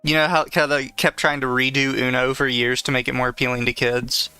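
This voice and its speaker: Pria bersuara cerah, santai bercanda. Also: male voice, medium pitch, level tone, fairly quick, pushed and bright, smooth, dry recording, soft background music. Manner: joking, laughs often. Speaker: podcast co-host. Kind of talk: casual chat.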